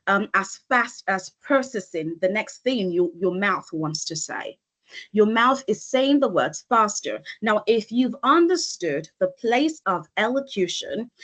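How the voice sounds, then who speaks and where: A woman elocution coach giving an online presentation over a video call, speaking deliberately and with emphasis. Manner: deliberate, emphatic, with lively pitch shifts.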